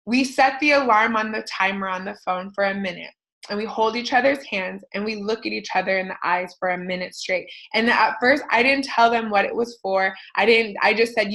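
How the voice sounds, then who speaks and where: A woman in her thirties, a podcast host, talking casually to her listeners in a rambling, animated way, full of fillers and tangents. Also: mid-range voice, a little fast, poor audio. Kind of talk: casual personal talk to listeners.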